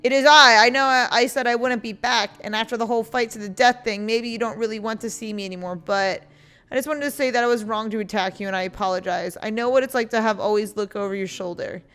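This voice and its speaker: A woman voicing an apologetic male spork monster from a game, reading his lines loudly and eagerly in a raised voice. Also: on the high side, quick pace, smooth, faint music behind, natural voice. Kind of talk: reading game dialogue aloud.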